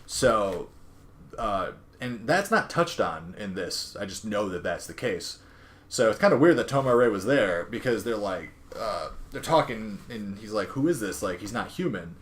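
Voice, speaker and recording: A man's voice: lowish voice, lively intonation, measured pace. A man casually retelling a comic book's plot on a podcast, rambling with lots of fillers and quoted dialogue. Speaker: podcast co-host recapping a comic. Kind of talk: casual chat.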